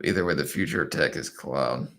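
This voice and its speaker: A man's voice: rumbling low, fairly quick, a bit bright. A man hosting a casual livestream, chatting and laughing often as he reads viewer comments. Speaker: livestream host. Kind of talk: casual live chat reading viewer comments. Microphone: desk microphone.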